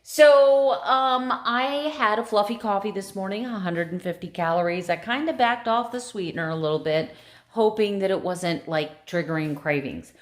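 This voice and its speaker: A middle-aged American woman vlogger chatting casually to camera in an emotional, confiding way. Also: mid-range voice. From United States.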